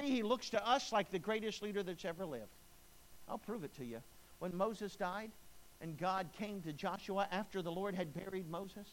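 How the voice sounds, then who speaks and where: A middle-aged male pastor preaching a sermon, swinging between booming emphasis and hushed, low delivery. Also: a little hiss or hum, rough recording.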